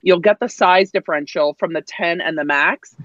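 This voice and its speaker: A woman's voice: on the low side, moderate pace, no echo, lo-fi sound. A woman co-hosting a tech live stream, chatting casually and enthusiastically, teasing the others. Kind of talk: casual chat.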